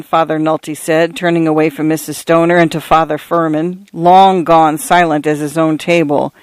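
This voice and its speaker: A man narrating a story in a measured, even audiobook reading. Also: on the high side, no echo.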